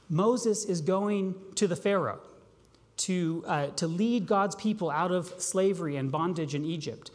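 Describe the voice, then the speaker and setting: Pastor preaching in a reverberant hall. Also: mid-range voice. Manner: asks rhetorical questions and slows down on key phrases. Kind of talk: sermon. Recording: long reverb of a large hall.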